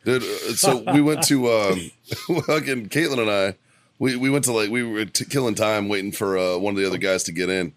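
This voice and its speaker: Male podcast co-host, lower register, rough smoker's voice, profane and laughing storyteller, dry studio mic. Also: brisk, no room sound. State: rough from smoking. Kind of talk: casual chat.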